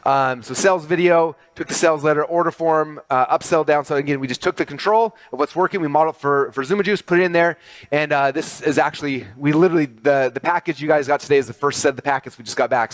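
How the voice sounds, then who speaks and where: A middle-aged man giving an animated business talk to an audience, talking quickly and excitedly with many fillers and restarts. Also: fairly high pitch, dry recording. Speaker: speaker presenting to an audience.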